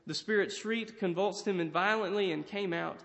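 High-voiced preacher in a reverberant hall. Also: male voice, moderate pace, vocal fry, fairly bright tone. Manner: dramatic storytelling, acts out voices. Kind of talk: sermon.

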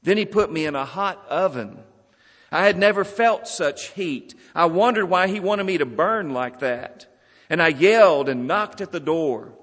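A man's voice: on the high side, animated, a little slow, fairly bright tone. A man voicing a small clay teacup that cries out and pleads as it is shaped and fired. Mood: pleading. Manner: pleading, crying out in distress. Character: small talking clay teacup, suffering then amazed. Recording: long hall reverb.

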